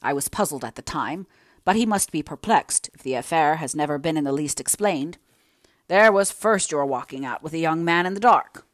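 A woman voicing a kindly elderly gentleman. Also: sits low, expressive, normal speed, dry recording, clean studio sound. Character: kindly elderly male family friend, gentle and loyal. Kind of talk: audiobook character reading.

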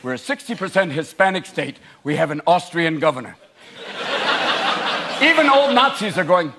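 A man doing a stand-up comedy set in a large theater, talking in an animated way and leaping into shouted impressions. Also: a little high, normal speed, long pauses. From United States. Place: large theater with a laughing audience. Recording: live show with loud crowd noise.

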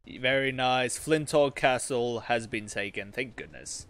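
A man's voice: medium pitch, a little slow, hardly any pauses, fairly bright tone, slight background noise. Man gaming in a put-on accent. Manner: speaks in a put-on accent, calls his troops lads. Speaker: gamer roleplaying a ranger commander. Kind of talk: in-character gameplay commentary.

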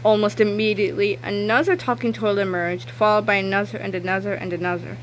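A woman reading a children's book aloud in a lively, expressive way. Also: medium pitch, quick pace, a little hiss or hum. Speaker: narrator.

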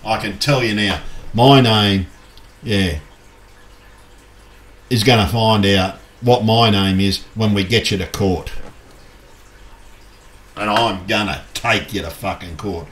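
A man's voice: fairly low pitch, slow pace, pauses often, fairly bright tone. A man angrily ranting to his viewers, swearing constantly and agitated. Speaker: YouTuber. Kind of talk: angry rant to camera. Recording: echoey room.

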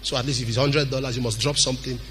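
A man preaching a sermon as a pastor, animated, with sudden shouts and a sing-song cadence. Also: medium pitch, very fast, faint music behind.

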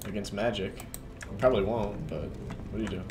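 A gamer with a lowish voice talks fairly quickly through casual commentary as he plays a video game, cursing in frustration and trash-talking it. Game music runs under his voice, and keyboard typing can be heard in the noisy background.

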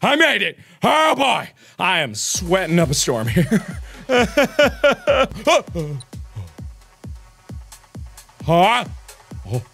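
A man giving let's play commentary with loud yelps, screams, goofy noises and crude joking outbursts. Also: high-pitched, big pitch swings, extremely slow, vocal fry, pauses often, faint music behind. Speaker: gaming video creator.

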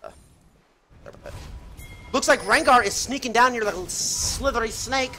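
A man streaming live esports commentary on a tournament match, profane and excitable, yelling through the fights. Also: extremely high pitch, unhurried. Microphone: headset. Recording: game music playing behind.

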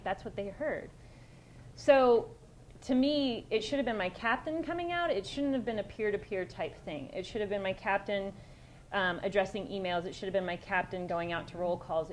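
A woman's voice: mid-range voice, a little hiss or hum, low-quality recording. A woman police sergeant giving a conversational conference presentation, direct and plain-spoken, with frequent restarts.

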